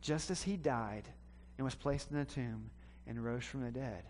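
A man from the American South preaching a sermon, telling a story with animated swings between loud and hushed delivery. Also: medium pitch, moderate pace, a little hiss or hum. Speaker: pastor. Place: church sanctuary. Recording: long hall reverb.

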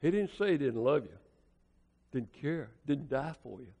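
A man's voice: medium pitch, very animated, normal speed, husky. An American man preaching a sermon, telling stories in a folksy, colloquial, dramatic way. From United States. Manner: folksy, colloquial, dramatic storytelling with swings in loudness. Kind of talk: storytelling sermon. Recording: long hall reverb.

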